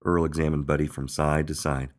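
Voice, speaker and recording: A man reading a children's picture book aloud in an expressive storytelling manner. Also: extremely low pitch, a little fast. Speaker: storybook reader.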